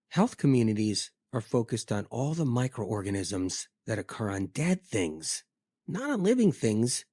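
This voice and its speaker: A man's voice: mid-range voice, darkish tone, breathy edge, dry recording, clean studio sound. A man delivering a scripted health monologue, telling it vividly with emphatic repetition. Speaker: health speaker.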